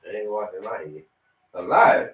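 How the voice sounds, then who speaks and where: A man's voice: on the low side, animated, normal speed, a bit bright. A man bantering offhand off camera at home, mumbling and cussing. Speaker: relative of the host. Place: home, indoors. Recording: roomy, far from the mic.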